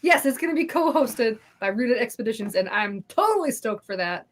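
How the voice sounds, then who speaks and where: A woman's voice: on the high side, expressive, fairly quick. A woman co-hosting a casual live chat, bubbly and upbeat, often apologizing and giggling. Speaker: co-host.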